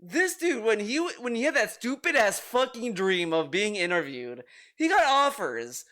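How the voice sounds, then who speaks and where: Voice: medium pitch, sing-song, unhurried, pushed and bright. A streamer giving exasperated, ranting commentary on a video, swearing freely. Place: home streaming room.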